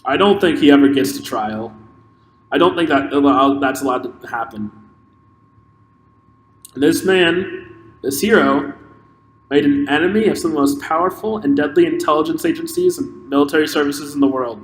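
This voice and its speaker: Male podcast host, impassioned solo rant, halting delivery, reverberant room with faint hiss. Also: fairly high pitch. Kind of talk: solo opinion monologue. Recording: echoey room with long reverb and faint noise.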